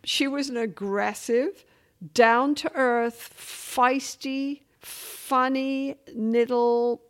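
A middle-aged English woman from England, chatting as a guest in an interview and telling stories with lively shifts of voice. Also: fairly high pitch, very slow. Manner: animated storytelling, shifting between voices. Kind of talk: casual interview chat.

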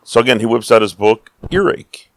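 An American man casually telling a story about his travels, lively, acting out the people he quotes. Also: lowish voice, normal speed, vocal fry, very noisy. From United States. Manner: animated, acts out quoted voices.

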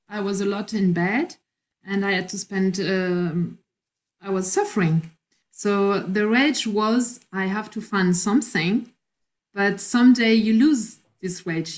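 Middle-aged woman telling her story, halting, hunting for words, medium pitch. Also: darkish tone. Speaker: interview guest. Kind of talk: personal account in conversation.

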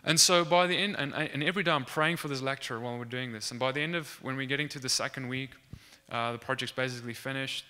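A young man recounts a faith testimony in a very bright, crisp, clear voice. He tells it earnestly and acts out the dialogue, restarting his sentences as he goes. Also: mid-range voice, quick pace. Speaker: student sharing a faith testimony. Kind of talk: animated testimony storytelling.

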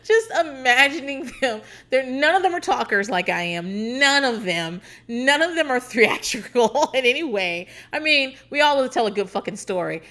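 A young woman from Virginia tells stories on her podcast in a bright, tense, slightly high voice. She talks casually, curses freely and laughs often. She jumps way up in pitch when she acts out what other people said. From Hampton Roads, Virginia. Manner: animated, laughing, cursing, acts out quotes in high voice. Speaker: podcast host. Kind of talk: casual storytelling chat.

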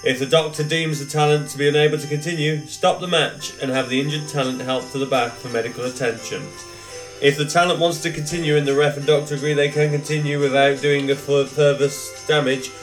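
A man's voice: a little high, fairly even intonation, fast, soft background music, low-quality recording. A British man co-hosting a podcast, reading out a list of rules with joking asides. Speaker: podcast co-host. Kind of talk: casual chat, reading a memo aloud.

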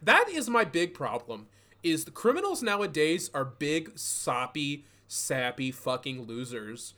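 A man hosting a casual comedy podcast, animated and laughing, with mocking, profane asides. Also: on the high side, a little slow. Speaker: podcast host.

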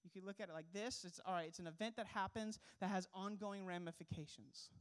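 A man's voice: sits high, a little fast, smooth. A young man preaching as a pastor, earnest and emphatic, asking the congregation rhetorical questions. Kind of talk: sermon.

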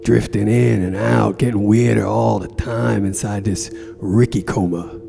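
A man playing a gruff, profane tough guy who broods aloud while drifting in a coma, in an improvised comedy bit. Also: lowish voice, steady tone, measured pace, music in the background. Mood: brooding. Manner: brooding, profane, gravelly musing. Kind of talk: improvised comedy role-play.

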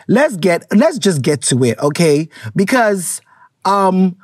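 A Ghanaian woman hosts her own podcast in a loose, chatty monologue, her voice jumping up and down in pitch as she exclaims. She slips between English and Twi. The sound is dry and close, with no room echo. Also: very animated, takes it slowly, darkish tone, husky. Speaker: podcast host. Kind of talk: casual solo podcast monologue.

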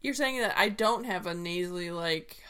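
A woman co-hosting a casual podcast, quick and teasing in the back-and-forth. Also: on the low side, sharp tone, clear, resonant tone. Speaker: podcast co-host. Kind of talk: casual chat.

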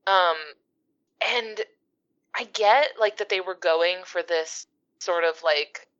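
A woman from the US East Coast chats giggly on a podcast, with lots of "like". Her voice is lowish but bright and sharp, and it comes through a dull, lo-fi mic. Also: takes it slowly, smooth. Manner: giggly, talks with many "like" fillers. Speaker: podcast co-host. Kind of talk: casual podcast chat. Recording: dull, lo-fi sound.

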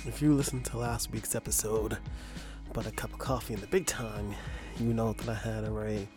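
A man hosting a comedic podcast, hoarse with his voice nearly gone, joking and self-mocking. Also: on the low side, flat delivery, a little fast, over music. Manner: jokey, playful, self-mocking. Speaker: podcast host.

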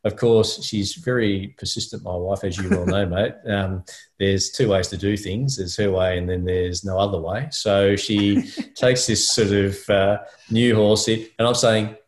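Middle-aged aussie bloke, really low voice, rambly storytelling on a podcast. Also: male voice, steady tone, a little slow. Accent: Australian. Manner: rambling, anecdotal, many fillers. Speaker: podcast co-host. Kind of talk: casual storytelling chat.

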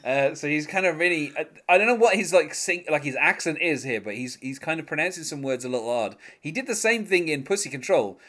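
A man co-hosting a laid-back music podcast speaks in a somewhat high, bright, animated voice, a little fast and with few pauses. He's chatty yet hesitant, using lots of fillers and short laughs, and reads lyrics aloud while chuckling.

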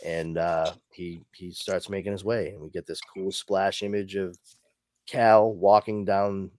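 A man's voice: low voice, flat delivery, measured pace, darkish tone, no room sound, studio quality. A man hosting a podcast, casually recapping a comic book story in a rambling way, full of fillers. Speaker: podcast host.

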